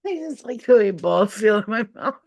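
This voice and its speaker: A woman's voice: medium pitch, vocal fry, darkish tone. Profane, giggly woman streaming live. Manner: profane, rambling, giggly talk. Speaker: channel host. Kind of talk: casual live-stream chat.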